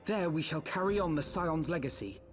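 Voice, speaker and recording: A man's voice: on the high side, lively intonation, moderate pace, soft background music. An actor playing an earnest, formal young nobleman in a video game. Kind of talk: game voice acting.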